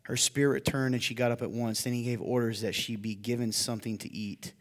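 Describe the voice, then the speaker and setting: A male pastor preaching a sermon, moving between hushed storytelling and loud, emphatic appeals to the congregation. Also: medium pitch, level tone, brisk, long reverb tail. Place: church hall.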